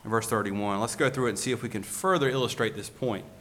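A man's voice: on the low side, quick pace, fairly bright tone. A male preacher giving a sermon, asking the congregation one rhetorical question after another.

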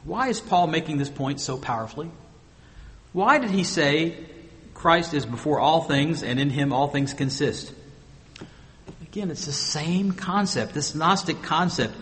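A man preaching a sermon with emphatic rhetorical questions, moving between loud stressed phrases and quiet asides. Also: a little high, expressive, measured pace, long reverb tail. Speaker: pastor.

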